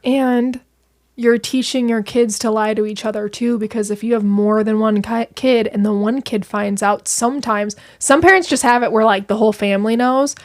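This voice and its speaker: A young woman chatting as a podcast guest, telling stories in an animated way with quick asides. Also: on the high side. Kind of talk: casual chat.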